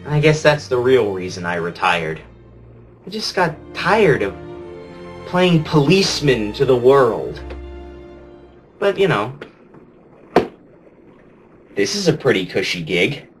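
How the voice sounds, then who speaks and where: A man's voice: medium pitch, very animated, slow pace, long pauses, faint music behind, poor audio. A man playing a jaded retired superhero, telling crude stories in a rambling confessional monologue full of fillers. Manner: rambling, crude, laughing, heavy "you know" fillers.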